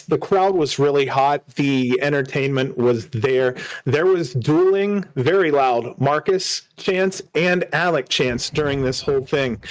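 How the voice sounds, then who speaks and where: A man co-hosting a podcast, giving brisk commentary and laughing often. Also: fairly high pitch. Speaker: podcast co-host.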